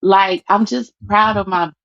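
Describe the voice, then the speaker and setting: A woman's voice: medium pitch, fairly even intonation, unhurried, vocal fry, fairly bright tone, no room sound. Tearful, emphatic woman on a dull call line. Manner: emphatic, profane, heartfelt. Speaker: guest. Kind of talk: casual livestream chat. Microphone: video call. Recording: dull, dry call audio.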